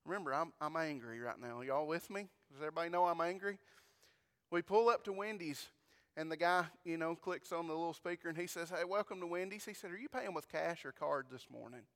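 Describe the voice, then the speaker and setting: A man's voice: fairly high pitch, brisk, a bit bright, clean tone. A man preaching a sermon, telling a folksy story and talking straight to his congregation. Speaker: pastor. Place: church. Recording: long church reverb.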